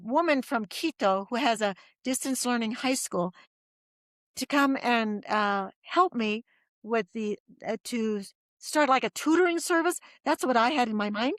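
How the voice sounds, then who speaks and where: Lively woman telling a story, dry sound. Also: fairly high pitch, no room sound. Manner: lively storyteller who acts out quoted voices. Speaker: guest. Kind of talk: storytelling in a podcast interview.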